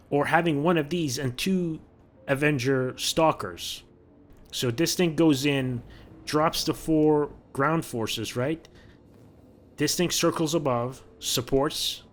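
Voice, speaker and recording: A man's voice: mid-range voice, a little hiss or hum. A man giving casual, chatty commentary over gameplay, often repeating words as he thinks aloud. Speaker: gaming video creator.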